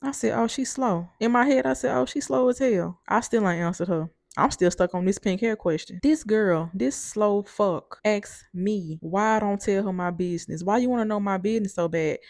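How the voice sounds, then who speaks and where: A woman's voice: mid-range voice, normal speed, few pauses, no room sound. Woman ranting a storytime, cussing, blunt, super dry mic. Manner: blunt, profane, animated retelling. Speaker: storyteller vlogger. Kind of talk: casual storytime monologue.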